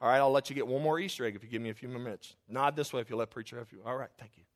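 Talking very fast at a medium pitch, this preacher keeps his sermon lively and conversational, with funny asides and dramatized impressions of the story's characters.

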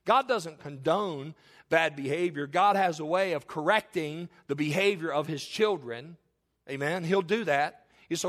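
High-voiced preaching man. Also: a little slow, a bit bright. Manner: impassioned preaching with rhetorical calls to the congregation. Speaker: pastor. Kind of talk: sermon.

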